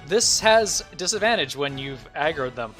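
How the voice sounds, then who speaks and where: A man's voice: on the high side, animated, moderate pace, a bit bright, soft background music. A man narrating as game master in a casual tabletop game, rambling with lots of fillers. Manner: rambling, filler-heavy, laughing asides.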